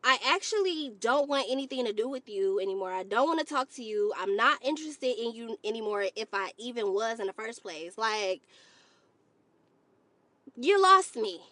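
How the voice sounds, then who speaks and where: A woman vlogger telling a story to her viewers in an animated, exasperated way. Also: on the high side, brisk, hardly any pauses, no room sound. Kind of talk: storytime commentary to camera.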